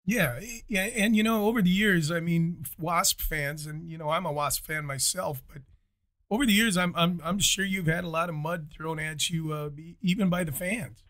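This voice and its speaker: A male show host with a somewhat high voice asks loose, hesitant questions. He stumbles through fillers and restarts before each point lands. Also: normal speed, a bit bright. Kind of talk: casual interview questions.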